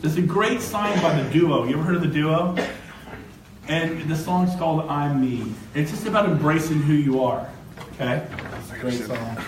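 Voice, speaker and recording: An older man giving a motivational real estate talk to an audience, telling lively stories and breaking into shouts and laughs. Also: a little high, normal speed, noisy background. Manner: animated storyteller, shouts and laughs. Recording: echoey room from a distance.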